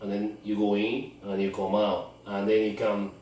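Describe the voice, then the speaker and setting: A man's voice: fairly low pitch, completely flat delivery, normal speed, mellow, slight background noise. A man coaching on dating, talking emphatically and often repeating and restarting his words. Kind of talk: instructional monologue. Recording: very echoey room, far from mic.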